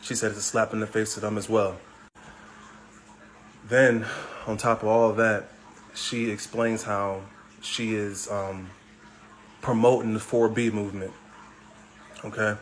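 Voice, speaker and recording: A man's voice: on the low side, a little hiss or hum, low-quality recording. A man hosting a podcast, giving a blunt, lecturing commentary monologue aimed at other men. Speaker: podcast host.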